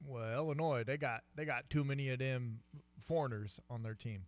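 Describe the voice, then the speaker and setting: A man voicing a mocking caricature of a drawling male Midwestern lawmaker, in a lowered put-on accent on a sports talk show. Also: fairly even intonation, moderate pace, close to an everyday voice.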